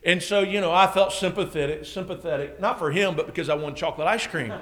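A middle-aged man, a preacher telling a story in a sermon that builds to excited shouting. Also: on the high side, fast.

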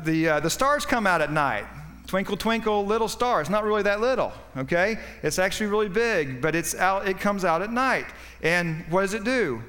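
Man, pastor, folksy joking sermon, slightly high voice, long church reverb. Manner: folksy, joking, rising to loud punchlines.

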